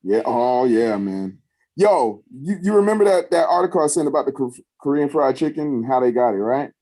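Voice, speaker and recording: A man co-hosting a relaxed podcast in a warm, mellow voice. He drifts from point to point and leans on "you know" and "um" as he thinks aloud. His pitch sits in the middle of the usual male range. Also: a little fast. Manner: rambling, heavy on fillers like "you know". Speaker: podcast co-host. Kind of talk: casual podcast chat.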